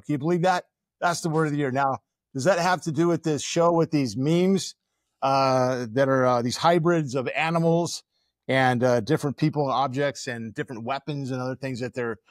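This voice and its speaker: A man's voice: medium pitch, normal speed, dry recording. A man hosting a casual podcast chat in a studio, rambling and searching for words with many fillers. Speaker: podcast host. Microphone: studio microphone.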